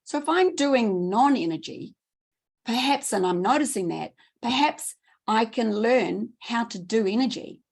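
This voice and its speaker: A middle-aged woman giving a training talk, enthusiastic and quick, repeating words for emphasis. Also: a little high, gravelly, a little mellow, husky. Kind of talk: presentation talk.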